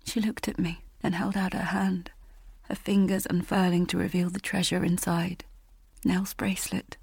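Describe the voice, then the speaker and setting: A woman narrating an audiobook in the first person, measured, dropping to a hush in tense passages. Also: on the low side, flat delivery, creaky, slightly rough, no room sound, studio quality.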